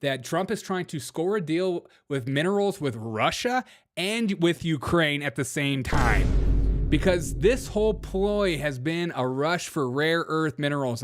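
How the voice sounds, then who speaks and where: Brash, animated commentary host. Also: male voice, on the high side. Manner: brash, sarcastic, laughs often, addresses chat. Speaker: livestream host. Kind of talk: comedic political commentary.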